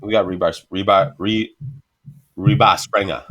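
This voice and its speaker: Brief: low-voiced male podcast host, crude profane banter. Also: fairly even intonation, a little slow, a bit bright, muffled recording. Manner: crude, joking, heavy swearing.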